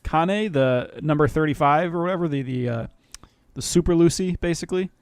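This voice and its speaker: A man chatting on a podcast, animated and quick to laugh, with plenty of swearing. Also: fairly high pitch, smooth, no room sound. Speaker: podcast co-host. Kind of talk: casual podcast chat.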